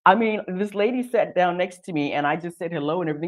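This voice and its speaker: An American woman from Texas hosting a casual live stream. She talks in an animated way, with many restarts and fillers. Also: fairly low pitch, fast. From Texas, United States. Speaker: host.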